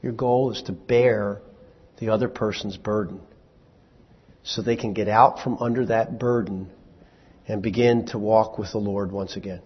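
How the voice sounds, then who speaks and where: Husky preacher in a big hall. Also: male voice, on the low side, fairly even intonation, unhurried. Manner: asks the audience questions and answers them; conversational, with small restarts. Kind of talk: sermon. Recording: dull, lo-fi hall recording.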